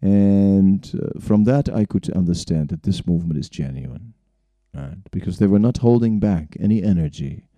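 This is storytelling talk from a man recounting his spiritual journey, speaking in a deep, warm voice at a moderate pace with hardly any pauses. English isn't his language, and his personal stories wander, punctuated by frequent chuckles and "right?" tags. The recording has no room sound.

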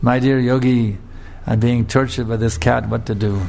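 A man voicing a frightened little male mouse who pleads and gets excited, repeating his words. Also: medium pitch, moderate pace, creaky, lightly acted. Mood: pleading.

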